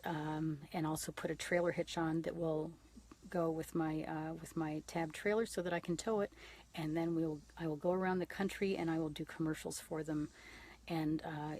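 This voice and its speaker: A woman in her late fifties chats to her livestream viewers in a husky, slightly breathy voice. Her voice sits on the low side. She talks frankly, swearing freely and addressing viewers directly. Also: darkish tone. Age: 50s. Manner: frank and profane, talking straight to viewers. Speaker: livestream host. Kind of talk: casual livestream chat.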